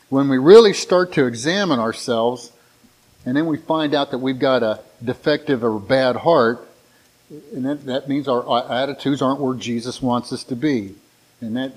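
A man's voice: medium pitch, low-quality recording. A middle-aged man preaching a sermon in a conversational, folksy way, often restarting his words. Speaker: pastor.

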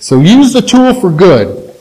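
A man's voice: sits high, sing-song, measured pace, darkish tone, low-quality recording. Plainspoken man giving informal Bible teaching. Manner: plainspoken, folksy, conversational. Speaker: church teacher.

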